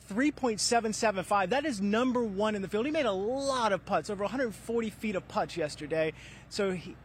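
A man with a high voice reports live from the golf course. He moves briskly through stats and answers teasing with dry jokes. A faint outdoor ambience hangs behind him. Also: a little hiss or hum. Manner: stat-heavy, brisk, dry joking.

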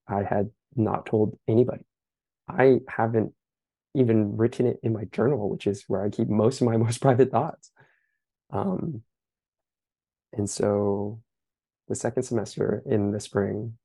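A young man speaks in a low, gravelly voice with a dark, husky tone. He talks earnestly and reflectively, stopping often for fillers, and the sound is dry and close. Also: steady tone, unhurried, no room sound, poor audio. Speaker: interview guest. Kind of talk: candid personal account.

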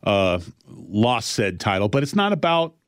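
A man hosting a podcast, a pro wrestler who tells stories in a casual, animated way and slips into quoted voices. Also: on the low side, measured pace, clean tone, no echo, studio quality. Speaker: podcast host. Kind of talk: casual storytelling chat.

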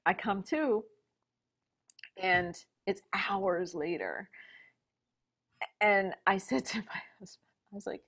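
A middle-aged woman telling a personal story in conversation, animated and full of asides and fillers. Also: medium pitch, slow pace, long pauses, husky. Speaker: guest.

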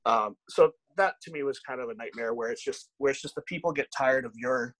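A man's voice: mid-range voice, fairly quick, no echo, poor audio. A man, a bodybuilding coach, telling candid stories in a casual podcast chat, swearing freely and acting out the dialogue. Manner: candid, profane, animated anecdotes with quoted dialogue.

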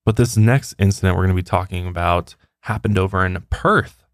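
A man's voice: deep voice, fairly quick, no echo, clean studio sound. A man co-hosting a podcast, casually reading out odd news stories and laughing often. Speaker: podcast co-host.

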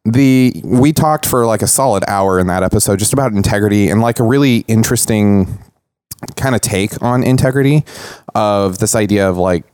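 Man, podcast host, very low voice, smooth and dry, earnest explainer. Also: moderate pace, a little mellow, no echo. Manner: teasing, then earnest and explanatory. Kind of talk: casual roundtable chat. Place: indoor podcast recording.

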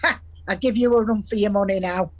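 An actress playing a chatty Salford gran. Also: female voice, medium pitch, fairly even intonation, close to an everyday voice. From Salford, England. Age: older. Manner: storytelling, earthy, quick to laugh. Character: warm chatty Salford grandmother with dementia. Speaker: grandmother.

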